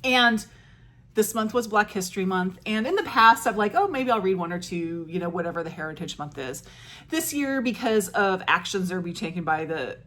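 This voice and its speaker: A woman's voice: on the low side, a bit bright, a little hiss or hum. A woman talking casually through her month's reading as a book vlogger, enthusiastic and chatty, with frequent fillers and restarts.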